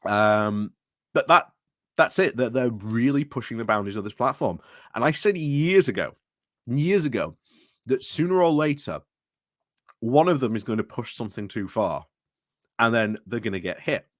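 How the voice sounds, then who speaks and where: A man's voice: mid-range voice, lively intonation, normal speed, long pauses, no room sound, studio quality. A British man hosting a casual livestream, rambling through commentary with restarts and greetings to chat, recorded indoors at home. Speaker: livestream host.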